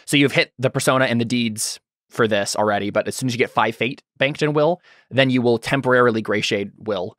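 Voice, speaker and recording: A man's voice: medium pitch, fairly quick, a bit bright, dry recording, clean studio sound. A man running a tabletop game as game master, patiently explaining the rules with frequent ums and restarts.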